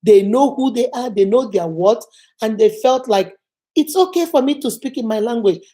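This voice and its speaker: A woman's voice: on the high side, lively intonation, moderate pace, dark tone. A middle-aged Nigerian woman, a native Igbo speaker with a Nigerian accent, giving an earnest motivational talk to camera and telling stories, repeating phrases for emphasis. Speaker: vlogger.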